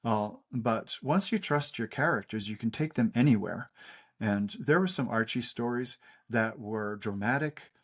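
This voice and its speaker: An older man, a cartoonist guest, telling stories in a casual interview, halting with many fillers and restarts. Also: medium pitch, lively intonation.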